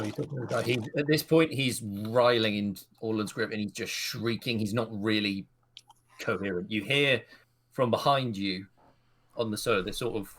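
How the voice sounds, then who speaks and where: Gm, lowish voice, narrating the scene, a few um-s. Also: male voice, slight background noise. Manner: relaxed, descriptive narration with hesitations. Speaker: game master. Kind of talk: narrating a tabletop game.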